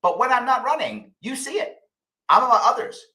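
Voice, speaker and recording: A man's voice: very high voice, big pitch swings, fairly quick, bright, forceful tone. A middle-aged man hosting a live ask-me-anything stream, emotional and repeating himself for emphasis, swearing casually. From United States. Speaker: host answering viewer questions. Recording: roomy echo.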